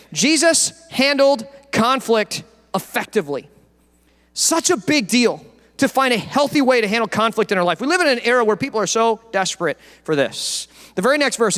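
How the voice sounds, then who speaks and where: A man's voice: sits high, a bit bright. A man preaching a casual, joking sermon as pastor. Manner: casual, joking, acts out quotes. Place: church sanctuary. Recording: long church reverb.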